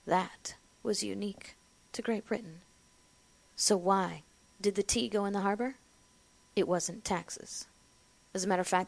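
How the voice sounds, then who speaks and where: A woman giving an impassioned political speech, building to loud, emphatic declarations and then dropping low. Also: steady tone, a little slow, vocal fry. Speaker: political speaker.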